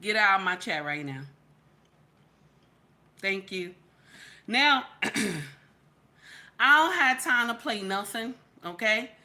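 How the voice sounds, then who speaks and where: A woman doing emotional live-stream commentary, emphatic and repetitive, swinging between loud scolding and quiet, near-tearful talk. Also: mid-range voice, lively intonation, slow pace, long pauses. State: near tears.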